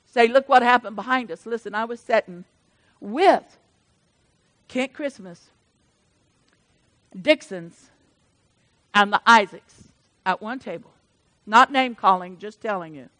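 A middle-aged woman pastor delivers an emotional, storytelling sermon. Her voice sits high and bright, and it drops to near-hushed confidences before rising to fervent proclamations. The sound is close and dry, with almost no room around it. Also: slow pace, pauses often, dry recording. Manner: emotional, storytelling preacher who swings from soft to loud.

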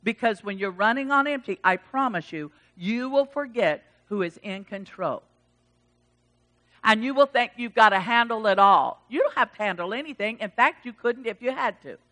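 A woman preaching a sermon, animated, swinging from loud exclamations to hushed asides and acting out the voices of the people in her text. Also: on the high side, normal speed. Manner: acts out quoted voices of God and Elijah.

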